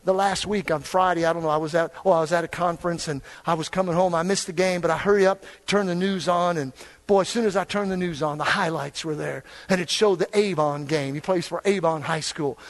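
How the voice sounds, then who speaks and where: An older man preaching a fiery sermon, dropping low and then building to shouts. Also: steady tone, fairly quick. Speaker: pastor.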